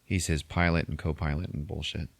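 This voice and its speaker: A man's voice: very deep voice, level tone, a little fast, gravelly, no echo. A man hosting a podcast, retelling a movie in a rambling, profane way. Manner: rambling, heavy swearing, acts out scenes. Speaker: podcast host. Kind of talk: casual profane movie recap.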